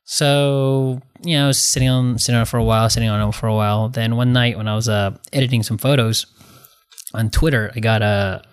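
A man in casual conversation who rambles through a story with lots of "um" and "like". He keeps restarting his sentences and gets more worked up as he goes. His voice sits at an ordinary middle pitch for a man. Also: brisk, smooth. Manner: rambling, excitable storyteller with many fillers and restarts. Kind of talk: casual chat.

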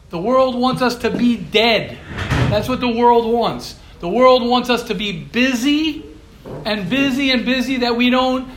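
Rabbi, high voice, emphatic and repetitive, preaching to a small group in an echoey room with a faint hiss behind. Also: male voice. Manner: repetitive, emphatic, coaxing questions to listeners. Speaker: rabbi giving a morning class. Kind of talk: informal sermon to young men.

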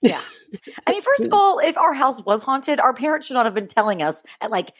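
A woman, co-hosting a podcast and telling a story with lively, acted-out quotes. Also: a little fast, no echo, clean studio sound. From Texas. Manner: animated storyteller, acts out quotes with big pitch jumps. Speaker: podcast co-host. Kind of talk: casual chat, storytelling.

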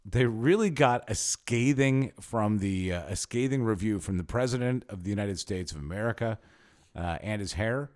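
A man's voice: on the low side, moderate pace, darkish tone. A man co-hosting a casual podcast chat, with joking, sarcastic asides. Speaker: podcast co-host.

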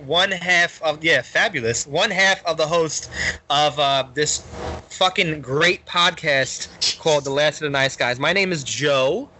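An excitable man with a New York accent co-hosts a casual podcast. His voice is bright and forceful, with frequent laughter and rambling restarts. A faint noise sits behind him. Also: a little high, a little slow. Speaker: podcast co-host.

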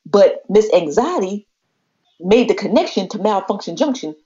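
At a normal speed and with a mid-range voice, a woman co-hosting a podcast tells a personal story in a casual, animated way, performing the voices of those involved. The sound is lo-fi and slightly muffled.

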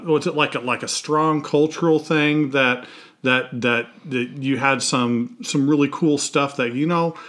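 Man from Indiana, host, halting questions, mid-pitched voice. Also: a bit bright. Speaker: interview host.

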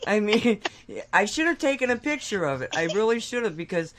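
A woman's voice: medium pitch, lively intonation, moderate pace, background noise. A woman co-hosting a radio talk show, telling a long anecdote in casual chat and laughing often. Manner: chatty storytelling, laughs often.

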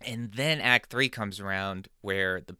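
Man, podcast host, casual comedic rambling, very clear voice, dry sound. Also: lowish voice, measured pace, bright, forceful tone, no room sound. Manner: rambling and digressive, self-deprecating.

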